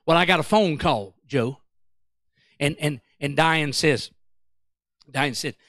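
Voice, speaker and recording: A man preaching a fervent sermon as pastor, calling out to the congregation and shifting between shouting and quiet storytelling. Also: a little high, lively intonation, measured pace, long pauses, no room sound, studio quality.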